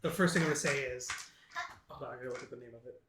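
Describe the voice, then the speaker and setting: A man's voice: mid-range voice, racing. A man playing a tabletop game, speaking as his character in short plain lines. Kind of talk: casual role-play chat. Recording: roomy echo with faint noise.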